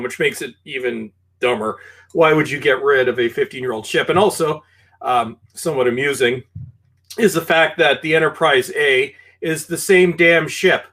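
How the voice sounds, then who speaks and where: A Canadian man with a Canadian accent and a mid-range voice, speaking as a podcast guest. He talks in an animated, halting way, leaning on fillers and restarting his sentences. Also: mid-range voice. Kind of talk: casual film discussion.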